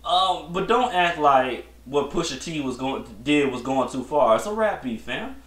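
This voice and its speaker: A man's voice: on the high side, lively intonation, unhurried, a bit bright. A man hosting a solo podcast, giving blunt, slangy opinions in a rambling casual chat with many restarts. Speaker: podcast host. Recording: echoey room.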